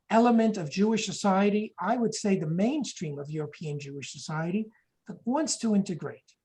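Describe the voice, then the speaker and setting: A woman's voice: medium pitch, darkish tone, rough recording. A woman giving a history lecture, explaining points and reading quotations aloud, sometimes correcting herself mid-sentence.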